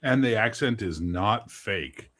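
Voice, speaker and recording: A man's voice: fairly low pitch, slow pace. A man co-hosting a casual chat, emphatic and profane, telling stories with energy. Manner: emphatic, profane, lively storyteller. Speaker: podcast co-host.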